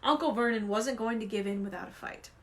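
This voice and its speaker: A woman reading a novel aloud with expressive, animated storytelling. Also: fairly high pitch, a little fast. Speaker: reader.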